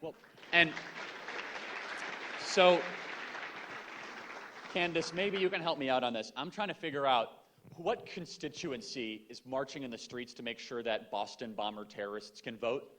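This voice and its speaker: A young man speaking on a stage panel, quick and sarcastic. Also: medium pitch, fairly bright tone, some chatter behind, slight background noise.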